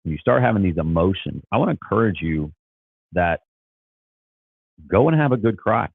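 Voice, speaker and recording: A man's voice: sits low, big pitch swings, moderate pace, creaky, husky, no echo, narrow, tinny audio. A man talking as a Christian life coach, earnest and encouraging, often repeating and restarting his words. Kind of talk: casual motivational talk.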